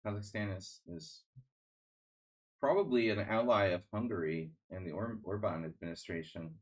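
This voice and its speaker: A man with a somewhat low voice talks casually to his stream viewers while he plays chess. His talk rambles, with a sardonic edge and plenty of restarts and fillers. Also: normal speed. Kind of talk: casual live-stream chat.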